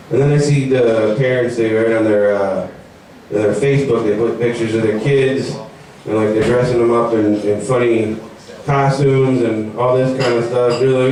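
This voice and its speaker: A young man doing a stand-up comedy set. He talks in a rambling, animated way and mocks people in put-on voices. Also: mid-range voice, moderate pace. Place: comedy venue. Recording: very echoey room, mic far off.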